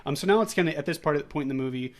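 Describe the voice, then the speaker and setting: A man's voice: on the high side, lively intonation, very fast, a little mellow. Male podcast co-host, casual plot recap, rambling delivery. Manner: recaps the plot at length with many fillers and restarts. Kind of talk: casual movie podcast chat.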